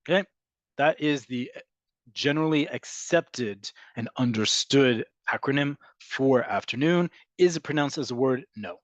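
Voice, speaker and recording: A man teaching an online language lesson, explaining patiently and repeating key words slowly for emphasis. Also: medium pitch, lively intonation, dry recording, highs cut off. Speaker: Hebrew teacher.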